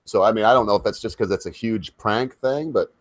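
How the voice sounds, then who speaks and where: Low-voiced host rambling through questions. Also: male voice, a little fast, dry recording. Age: middle-aged. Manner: meandering, self-interrupting questions and rants. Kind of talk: casual chat.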